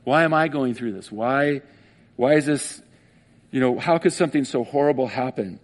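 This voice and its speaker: At a moderate pace and medium pitch, a male pastor preaches, recounting a story with feeling. His storytelling is emotional and animated, complete with acted-out voices for the people in it.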